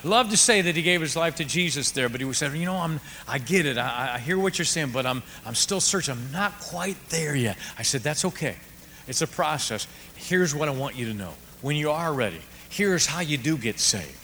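A man preaching a sermon, telling a story with swings from hushed to shouting. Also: fairly high pitch, expressive, moderate pace, a little hiss or hum. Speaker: pastor. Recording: reverberant hall with faint ambience.

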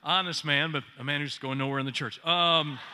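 A man's voice: fairly high pitch, fairly quick, background noise. A man preaching a sermon as pastor, joking with the congregation and asking them questions. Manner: joking, animated preaching with audience call-outs.

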